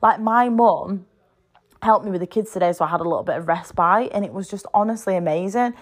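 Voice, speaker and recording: A woman's voice: mid-range voice, fairly quick. A woman in her thirties with a British English accent, hosting a casual solo podcast from home, chatty and frank, swearing freely. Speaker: podcast host.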